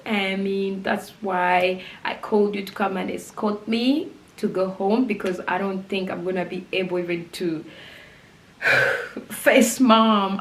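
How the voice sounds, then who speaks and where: A young woman telling a personal story in a vlog, animated and laughing often as she goes. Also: mid-range voice. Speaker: vlogger. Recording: roomy with faint background noise.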